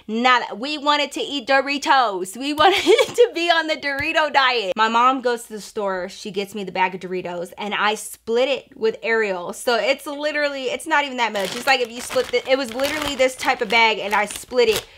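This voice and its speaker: A young woman telling a casual storytime to her viewers, animated, slangy and profane, talking straight to the camera. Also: a little high, normal speed, hardly any pauses. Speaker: storytime vlogger.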